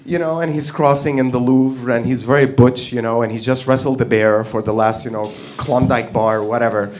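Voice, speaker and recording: A man's voice: medium pitch, steady tone, moderate pace, a little mellow, slight background noise. A man doing a stand-up routine at an open mic, rambling and profane and laughing at his own jokes. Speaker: stand-up comedian. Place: stage at an open mic night.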